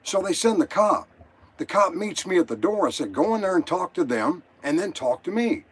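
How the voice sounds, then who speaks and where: Older guy calling in, husky voice, all worked up and swearing, pitch jumps around a lot. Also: sing-song, moderate pace. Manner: agitated, rambling, profane. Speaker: caller. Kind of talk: emotional call-in story.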